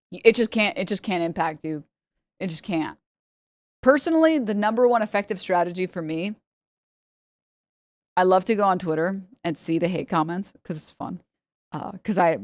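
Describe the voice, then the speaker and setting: A woman's voice: lowish voice, a little mellow, no room sound. Sarcastic rambling woman streamer. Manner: rambling, sarcastic, laughs often, mocking voices. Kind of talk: casual commentary stream.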